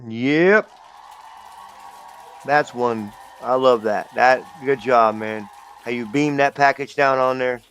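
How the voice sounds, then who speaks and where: A man's voice: medium pitch, takes it slowly, pauses often, fairly bright tone, muffled recording. A man co-hosting a casual livestream, talking loosely and rambling with slang and fillers.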